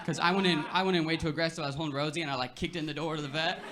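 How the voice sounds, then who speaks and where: Young guy doing stand-up, kinda high voice, super laid-back, lots of "like", noisy club mic, crowd laughing. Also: fairly even intonation, rapid-fire. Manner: laid-back, filler-heavy delivery with frequent "like" and "you know". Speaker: stand-up comedian. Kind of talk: stand-up set. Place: comedy club stage. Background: audience laughter.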